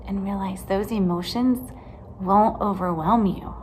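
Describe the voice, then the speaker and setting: A woman teaching a children's Bible lesson in a gentle, chatty way, often checking in with "right?". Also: on the low side, measured pace, slight background noise. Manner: gentle, chatty, asks questions with many "right?"s.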